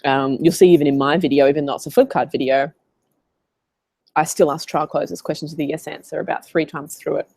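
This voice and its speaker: A woman's voice: low-pitched, brisk, gravelly, dry recording. Chatty Australian woman coaching. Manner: chatty, animated storyteller. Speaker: business coach. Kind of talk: casual live Q&A coaching.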